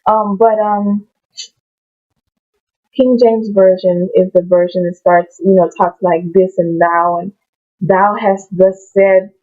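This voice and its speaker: A woman's voice: fairly low pitch, flat delivery, takes it slowly. A woman casually reading from the Bible and talking about it, rambling off on tangents and restarting her sentences. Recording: tinny phone-like sound.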